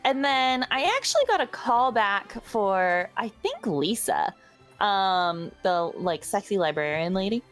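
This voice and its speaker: A female voice actress, a guest in a casual chat, talking in a giggly, chatty way with quick bursts. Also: medium pitch, very animated, a bit bright, faint music behind.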